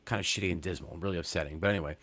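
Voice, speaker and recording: Man, low voice, forties, from Long Island, rambling, swearing, casual podcast storytelling. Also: racing, fairly bright tone. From Long Island, New York. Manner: rambling, profane, many fillers and restarts. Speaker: podcast co-host.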